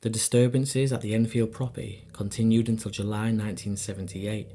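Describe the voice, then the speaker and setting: A man's voice: lowish voice, level tone, brisk, warm tone, slight background noise. A man hosting and narrating, telling the story earnestly and then chatting casually to his viewers. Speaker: host and narrator. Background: background music.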